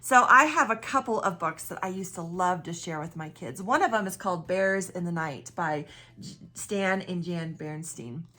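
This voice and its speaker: A woman pastor giving a reflective sermon, chatting with listeners and retelling a children's story in a lively way. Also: fairly low pitch, moderate pace. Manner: conversational, asks listeners direct questions.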